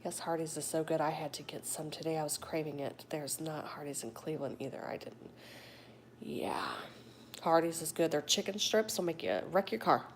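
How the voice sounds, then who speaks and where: A woman's voice: low voice, normal speed, slight background noise. Chatty middle-aged woman live-streaming on her phone. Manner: chatty and animated, with whispered asides. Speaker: livestreamer reading viewer chat. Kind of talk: casual live chat. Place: home in a warm state.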